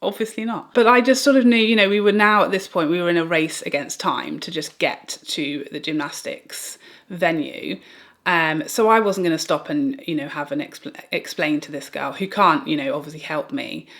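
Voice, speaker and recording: A British woman vlogger telling a personal story in a rambling, animated way, with restarts and small laughs. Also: low voice, normal speed. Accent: British English. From Britain. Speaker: beauty vlogger. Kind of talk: get-ready-with-me storytime.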